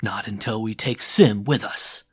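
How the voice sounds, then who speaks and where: Male narrator as a brash young warrior; sharp, pushy, a touch raised. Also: fairly low pitch, a little slow, breathy edge, no echo, faint music behind. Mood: insistent. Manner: sharp, insistent.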